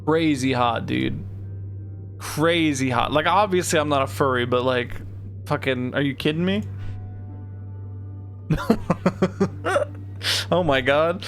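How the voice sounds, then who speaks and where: A man's voice: mid-range voice, slow pace, pauses often, a bit bright, soft background music. A young man streaming a game, joking around, swearing and laughing often. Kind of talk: casual game stream commentary.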